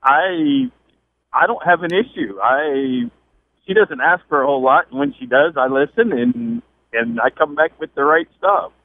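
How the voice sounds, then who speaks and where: A man's voice: mid-range voice, animated, measured pace, no room sound. A man calling into a radio show, speaking in an easygoing, matter-of-fact way over the phone. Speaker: caller. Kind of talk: call-in radio chat. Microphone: telephone. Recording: dull phone-line audio.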